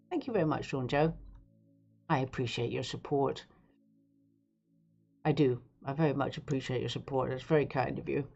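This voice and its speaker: A woman's voice: rumbling low, normal speed, gravelly, pauses often, a little mellow, highs cut off. A woman hosting a live stream, talking in a rambling, sarcastic, digressive way. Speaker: livestream host. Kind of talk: casual live-stream commentary.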